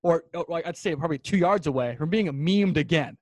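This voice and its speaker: A man's voice: a little high, fairly quick, no room sound. A man co-hosting a sports podcast in casual chat, emphatic and ranting, repeating his points for effect. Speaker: podcast co-host.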